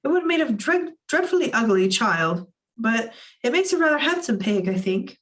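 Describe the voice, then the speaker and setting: A woman reading aloud voices a curious, polite young girl in a higher, earnest way. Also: very animated, moderate pace, far from the mic.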